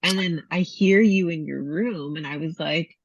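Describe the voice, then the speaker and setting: Low husky woman, easygoing. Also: moderate pace. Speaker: retreat host and iboga provider. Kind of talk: casual conversation. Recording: dull lo-fi recording.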